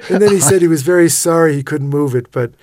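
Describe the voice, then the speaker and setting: A man telling vivid stories as a guest in a radio interview, animated, with frequent restarts. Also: on the high side, fast talker, no room sound, clean studio sound. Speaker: interview guest, expedition writer.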